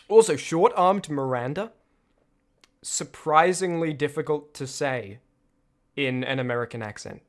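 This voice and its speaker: A man's voice: on the high side, moderate pace, a bit bright. A man streamer giving loose, laughing commentary on his own videos, full of restarts. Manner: rambling, laughs often, many restarts.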